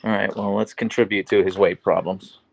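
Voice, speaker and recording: Gravelly low-voiced man chatting on a livestream. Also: little pitch movement, normal speed, a little mellow, rough recording. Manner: chatty, reads and answers viewer comments. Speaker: livestream host and dog owner. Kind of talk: casual livestream chat.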